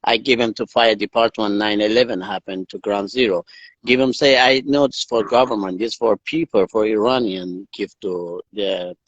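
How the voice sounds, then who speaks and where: A man's voice: fairly low pitch, normal speed, no echo, highs cut off. A man from northern Iran with a Persian accent, telling his stories in broken English as a guest on a video call livestream. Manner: broken English, animated storytelling. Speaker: guest, endurance athlete. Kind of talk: casual interview storytelling.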